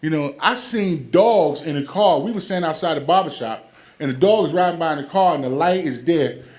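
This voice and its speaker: Animated stand-up comedian man. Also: fairly high pitch, a little fast. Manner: animated storytelling with quoted voices.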